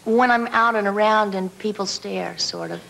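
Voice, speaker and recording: A woman's voice: medium pitch, normal speed, creaky, low-quality recording. Shy hesitant woman from Alabama. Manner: shy, hesitant, gently witty. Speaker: actress guest. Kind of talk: talk show interview. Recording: old TV broadcast with faint hiss.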